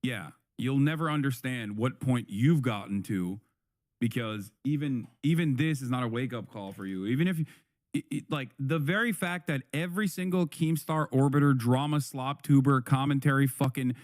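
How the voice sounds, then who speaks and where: A man's voice: medium pitch, normal speed, dry recording. A man streaming live, reacting to a video with heated, profane commentary that often repeats and restarts. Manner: angry, profane ranting.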